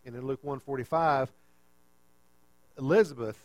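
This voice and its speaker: Animated man preaching a conversational sermon. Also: mid-range voice, normal speed, dry recording, rough recording. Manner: conversational, animated, asks rhetorical questions.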